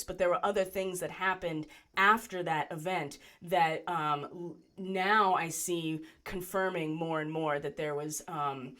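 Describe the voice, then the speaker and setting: Woman telling a personal story, lowish voice. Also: fairly bright tone. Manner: conversational, many fillers and "right?" asides. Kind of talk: personal story told to camera.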